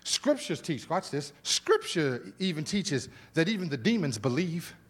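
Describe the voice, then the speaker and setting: Pastor, male, high voice, lively sermon delivery with stacked repetitions and folksy asides, live in church. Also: measured pace, slightly rough. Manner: animated preaching with repeated words and exclamations; informal, conversational asides to the congregation. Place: church sanctuary.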